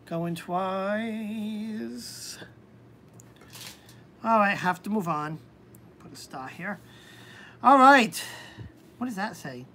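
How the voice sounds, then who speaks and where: A woman hosting a live-stream tarot reading, talking hesitantly with many pauses and ums. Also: medium pitch, big pitch swings, a bit bright, slight background noise.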